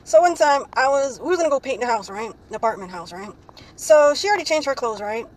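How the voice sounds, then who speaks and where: High-voiced young woman telling a rambling story. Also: expressive, fast, low-quality recording. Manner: rambling, ends phrases with "right?" tag questions; frequent "like, um" fillers. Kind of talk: casual storytelling vlog.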